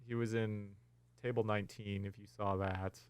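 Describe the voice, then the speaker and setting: A man co-hosting a podcast in casual chat, relaxed and rambling with frequent ums. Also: fairly low pitch, normal speed, clean tone, no room sound. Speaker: podcast co-host.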